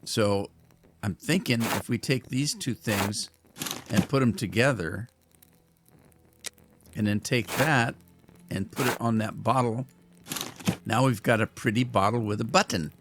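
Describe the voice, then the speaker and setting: Jokey male gaming host, low voice, noisy audio. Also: a little slow, long pauses. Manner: joking, chatty. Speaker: gaming YouTuber. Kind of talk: casual walkthrough commentary.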